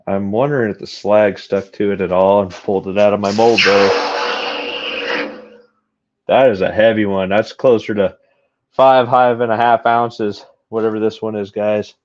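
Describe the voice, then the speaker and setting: A man's voice: on the low side, fairly even intonation, moderate pace, a little hiss or hum. Frustrated man streaming a metal pour. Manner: frustrated, self-deprecating, talks to chat. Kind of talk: live-stream chat while casting metal. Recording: dull lo-fi sound.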